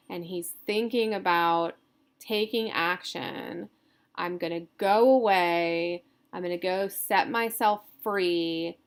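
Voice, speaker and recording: A woman instructor talks through poetic meter at an unhurried, slow pace. She explains loosely, with many fillers and self-corrections along the way. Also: mid-range voice, fairly bright tone, clear, resonant tone. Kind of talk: recorded lecture on poetry meter.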